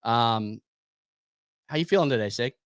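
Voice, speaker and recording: Man, podcast host, relaxed chat, mid pitch, dry close sound. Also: unhurried, clear, resonant tone, dry recording. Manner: relaxed, loose, with fillers and restarts. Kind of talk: casual crypto podcast chat.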